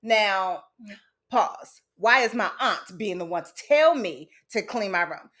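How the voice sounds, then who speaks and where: A woman's voice: medium pitch, animated, slow, a bit bright. A woman host telling a candid personal story from her childhood, casual and frank, with some swearing. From United States. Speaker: podcast host.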